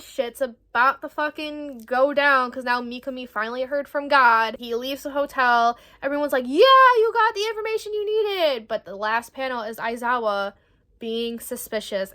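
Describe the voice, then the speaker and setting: A woman's voice: on the high side, pushed and bright. A woman in her twenties giving a casual book review, rambling, swearing freely and reacting with animation. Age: 20s. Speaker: book vlogger.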